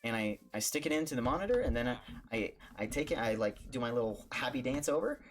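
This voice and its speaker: A man who streams, telling a jokey story in a casual, animated way, stumbling over restarts and acting out the voices in his story. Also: mid-range voice, fast talker, a little hiss or hum. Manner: animated, jokey, with stammered restarts and acted-out quotes.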